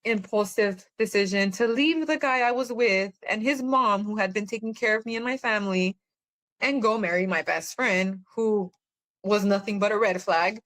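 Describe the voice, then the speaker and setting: A woman's voice: medium pitch, normal speed, a bit bright. A woman, a guest on a podcast, telling her own story in a rambling, earnest way with many fillers. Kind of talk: personal testimony in conversation.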